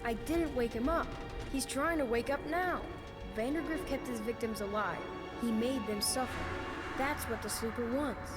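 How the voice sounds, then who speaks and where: A woman's voice: a little high, moderate pace, close to an everyday voice. A woman voicing a frightened young boy in a video game, pleading and urgent. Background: game music.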